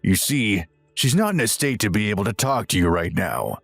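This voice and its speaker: A man's voice: fairly low pitch, very animated, normal speed, vocal fry, fairly bright tone, no echo, soft background music, exaggerated voice. A man voicing a stern, disapproving older father who rebukes firmly in a dramatized text-message story.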